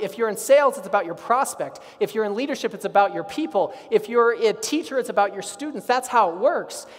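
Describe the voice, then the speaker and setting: A man of about forty giving an energetic storytelling keynote at a conference, often asking the audience questions. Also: sits high, long reverb tail. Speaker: keynote speaker. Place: conference hall stage.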